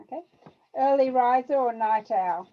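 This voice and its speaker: A female interview host, encouraging and upbeat, asking quick questions over a video call. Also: on the high side, highs cut off. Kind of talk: interview, rapid-fire questions.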